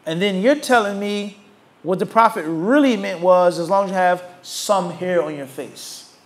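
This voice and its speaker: A man teaching a religious class, emphatic and animated, who keeps asking his listeners rhetorical questions and waits for them to answer. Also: high voice, normal speed. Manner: rhetorical questions asked to the audience. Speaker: Islamic teacher.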